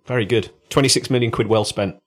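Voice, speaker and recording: A man's voice: mid-range voice, fast talker. A man co-hosting a podcast, chatting casually with a dry, teasing manner. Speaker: podcast co-host. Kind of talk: casual chat.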